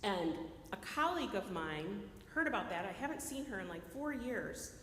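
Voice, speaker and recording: A woman preaching a sermon in a lively, conversational way, often checking in with her listeners by asking "right?". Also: mid-range voice, moderate pace, a little hiss or hum. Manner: animated, keeps checking in with the audience by asking "right?". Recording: echoey hall with long reverb.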